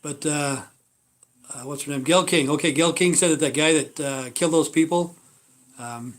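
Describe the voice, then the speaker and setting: A man's voice: a little high, moderate pace. Blunt, foul-mouthed American man rambling. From United States. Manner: blunt, swears constantly, trails off with "you know". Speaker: livestream host. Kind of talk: rambling casual monologue.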